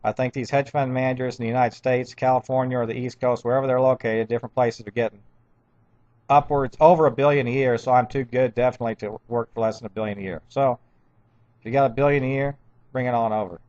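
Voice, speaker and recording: A man's voice: medium pitch, fairly even intonation, quick pace, darkish tone, no room sound. Agitated rambling man, dull lo-fi sound. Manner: agitated, rambling, with frequent stammered restarts. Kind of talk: rambling personal monologue.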